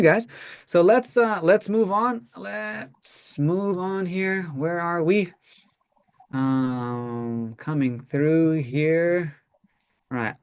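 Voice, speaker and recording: A teacher leading a classroom pronunciation lesson, modeling words slowly and checking in with "right?" often. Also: medium pitch, clear, resonant tone.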